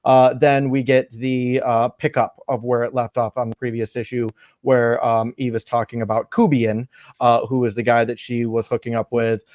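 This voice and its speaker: Casting: male podcast host, casual rambling recap style, mid pitch, close dry mic. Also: normal speed, dry recording. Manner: rambling, animated retelling with many fillers.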